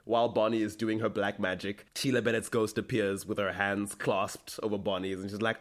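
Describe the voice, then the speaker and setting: A man co-hosting a podcast, recapping a TV episode in casual chat and acting out the characters' lines in quick impressions. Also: lowish voice, flat delivery. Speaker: podcast co-host.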